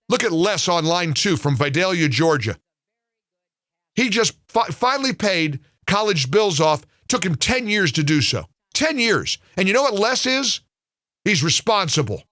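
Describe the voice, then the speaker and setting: A man's voice: high voice, sing-song, unhurried, sharp tone, no echo, clean studio sound. A man hosting a talk radio show, ranting angrily and sarcastically, often repeating words as he gets worked up. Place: radio studio. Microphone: studio mic.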